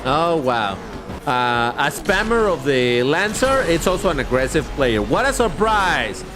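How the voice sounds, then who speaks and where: Lively, chatty male game streamer. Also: a little high, unhurried, music in the background. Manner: chatty, opinionated, excitable. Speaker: livestreamer. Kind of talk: live gameplay commentary.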